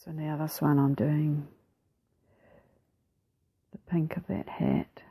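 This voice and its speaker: A woman with a New Zealand accent narrating her craft process over a time-lapse, soft-spoken and relaxed, often slipping into a whisper, a little self-deprecating. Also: low voice, slow pace, husky, dry recording, poor audio. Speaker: mixed media artist.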